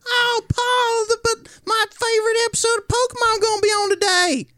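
A man's voice: extremely high pitch, fairly even intonation, moderate pace, sharp tone, no echo, voice pushed up. A man voicing a whiny young Southern farm boy with a put-on Southern accent.

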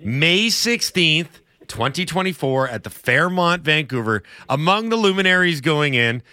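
A male radio host in casual sports banter, wry and quick to laugh. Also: on the high side, animated, sharp tone, dry recording. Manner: wry, laughs between lines. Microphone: close studio mic.

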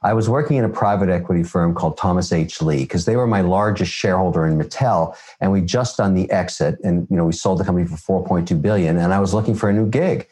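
A Canadian man, a guest investor, telling stories in an interview in a blunt, animated way. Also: low-pitched, fast talker, few pauses. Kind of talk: storytelling interview answers.

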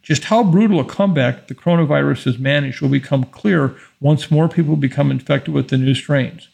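A man hosting an infectious-disease podcast, giving a measured, emphatic monologue and reading passages from an article aloud. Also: on the high side, gravelly, darkish tone, breathy edge.

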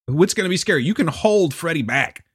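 Animated teasing male host. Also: a little high, fairly quick, husky, dry recording, clean studio sound. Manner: teasing, argumentative, laughs often. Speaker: podcast host. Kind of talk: casual chat.

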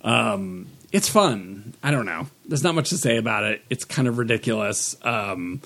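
A man with a lively, swinging pitch, chatting on a podcast. His humor is dry and he leans on ums and likes. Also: moderate pace, gravelly. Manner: dry, joking, many fillers. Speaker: podcast co-host. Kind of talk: casual pop-culture chat.

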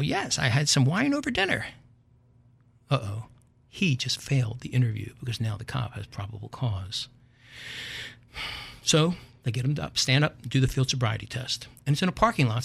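An older man hosting a show, telling a comic story in a wry, animated way and chuckling at his own tale. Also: mid-range voice, a little fast, vocal fry, slightly rough. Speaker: podcast host.

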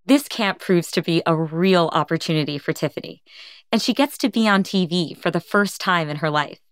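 A woman host narrating the story in a calm, scripted way and asking her guest short questions. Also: lowish voice, normal speed, no room sound, clean studio sound.

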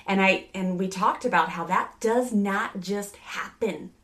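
A woman's voice: medium pitch, measured pace, a bit bright. A woman in her thirties, a parenting speaker, talking earnestly in a casual podcast conversation, rambling with many fillers and restarts.

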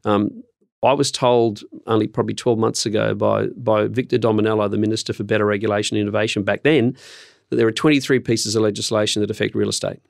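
Gravelly low-voiced man. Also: little pitch movement, no echo, clean studio sound. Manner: measured, earnest, with frequent ums. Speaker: podcast guest, industry program leader. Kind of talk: interview answers.

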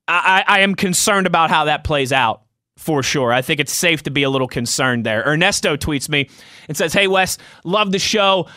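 A man's voice: fairly high pitch, lively intonation, moderate pace, sharp tone, dry recording, studio quality. A young man hosting a sports talk show, chatting loosely and reading out listener tweets, laughing easily. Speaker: sports podcast host.

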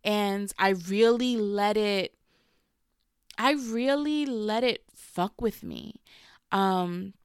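A woman's voice: medium pitch, very slow, clear, resonant tone, no room sound, clean studio sound. A woman hosting her own podcast, talking candidly and casually with plenty of slang and swearing. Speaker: podcast host. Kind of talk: casual confessional podcast talk.

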